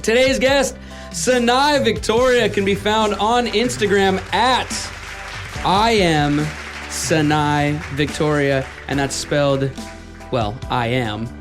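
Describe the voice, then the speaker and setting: A man's voice: on the high side, slow pace, music in the background. A man hosting a casual studio podcast, joking through the sign-off. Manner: playful, joking sign-off patter. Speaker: host. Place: radio studio.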